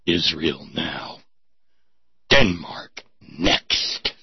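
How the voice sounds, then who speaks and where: Brief: man doing a deep, grave male announcer, slow and weighty, every syllable stressed, dull lo-fi sound. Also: creaky, a little hiss or hum, exaggerated voice. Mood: grave, ominous. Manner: slow, heavy emphasis on each syllable. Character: solemn booming male slogan announcer, grave.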